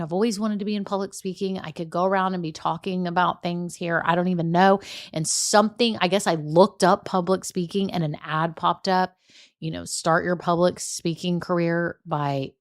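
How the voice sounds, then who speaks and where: A woman's voice: on the low side, fairly even intonation, normal speed. A middle-aged woman with a Southern American accent, from Texas, hosting a motivational solo podcast in a chatty, encouraging way. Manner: chatty, encouraging, says y'all and right. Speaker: podcast host.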